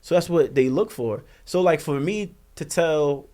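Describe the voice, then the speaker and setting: A man's voice: fairly high pitch, unhurried, dark tone. A middle-aged man in casual podcast talk, telling a personal story earnestly in plain street slang.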